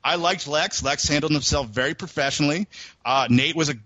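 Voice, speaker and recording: A man's voice: fairly high pitch, brisk, bright, forceful tone, no room sound. Long-winded man telling a story. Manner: long-winded, rambling with restarts. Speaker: podcast co-host. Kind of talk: casual storytelling. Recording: dull, dry recording.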